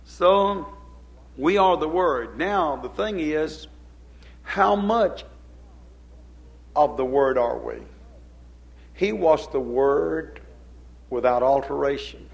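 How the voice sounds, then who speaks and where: A male preacher with a gravelly, creaky voice, possibly, delivers a sermon. He reads scripture in a measured cadence and then presses his points with swelling emphasis. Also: a little high, darkish tone, rough recording.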